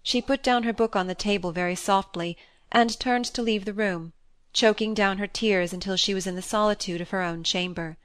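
A woman narrates a classic novel in a measured, even voice at a middle pitch. The recording is dry and close, with no room sound behind her. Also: no echo. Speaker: audiobook narrator. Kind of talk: audiobook reading of a classic novel.

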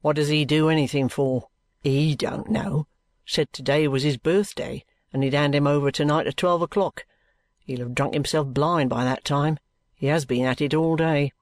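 A reader voicing a sulky, gruff young man who answers in curt, grumbling sentences. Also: mid-range voice, fairly even intonation, normal speed, no echo, close to an everyday voice.

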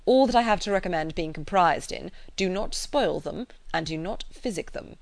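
Woman reading as a blunt, firm gentleman. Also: on the low side, expressive, moderate pace, vocal fry, no room sound. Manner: firm, lecturing. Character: blunt practical married gentleman, brisk.

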